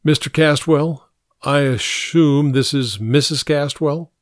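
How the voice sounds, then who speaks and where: A man's voice: a little high, takes it slowly, dry recording, studio quality. A man reading a story aloud, voicing a fussy, long-winded small-town tax assessor who counts his points off one by one. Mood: officious.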